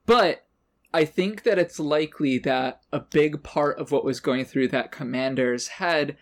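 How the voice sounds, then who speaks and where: A man's voice: on the high side, unhurried. Thoughtful man, hedging casual podcast talk. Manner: thoughtful, hedging, heavy use of "like". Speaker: podcast co-host and player. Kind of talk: casual tabletop character-building chat.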